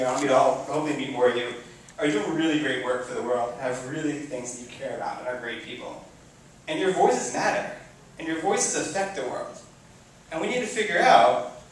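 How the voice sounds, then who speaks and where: A young man who is a rabbi giving personal opening remarks to an audience, chatty and self-deprecating, with many restarts and sudden animated outbursts. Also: fairly high pitch, a little hiss or hum. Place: event hall before a live audience. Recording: very echoey hall, voice from far off.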